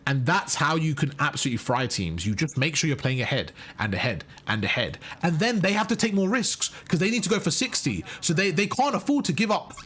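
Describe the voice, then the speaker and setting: Male coach, slightly raspy, pitch a touch high, pushes points hard while walking through footage. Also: animated, a little fast, hardly any pauses, a bit bright. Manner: emphatic, keeps checking in with "right?" and "okay?". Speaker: competitive gaming coach. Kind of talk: breaking down match footage.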